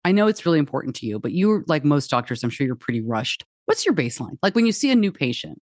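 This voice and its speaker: A woman's voice: low voice, sing-song, quick pace, darkish tone, no room sound, studio quality. A woman hosting a podcast, asking questions in a chatty, conversational way. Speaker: podcast host. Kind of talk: podcast interview.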